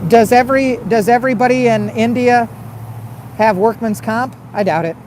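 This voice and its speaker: A man's voice: very high-pitched, normal speed, background noise. A man hosting a casual livestream, reading viewer comments and arguing back with repeated rhetorical questions. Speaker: livestream host.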